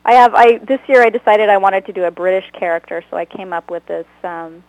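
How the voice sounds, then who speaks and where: A woman's voice: mid-range voice, brisk, no room sound, low-quality recording. A woman guest, a comedy actor, chatting casually in an interview, laughing often and talking about herself with self-deprecating humor. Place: Los Angeles.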